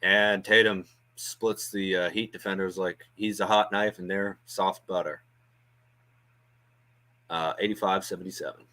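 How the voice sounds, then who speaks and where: Male fan host, lower register, loose chatty play-by-play with filler words. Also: steady tone, measured pace, sharp tone. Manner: chatty, thinks aloud with frequent ums and uhs. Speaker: watch-along host doing play-by-play. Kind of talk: casual live play-by-play commentary. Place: home watch-along stream.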